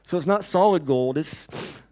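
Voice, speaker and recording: A pastor preaching a sermon in a church, with an earnest, repetitive cadence. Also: male voice, a little high, animated, unhurried, darkish tone.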